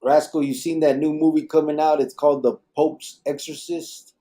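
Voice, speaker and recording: A man in his forties co-hosting a live podcast, easygoing, reading out viewer comments and adding quick quips. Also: fairly high pitch, steady tone, mellow. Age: 40s. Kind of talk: casual live podcast chat.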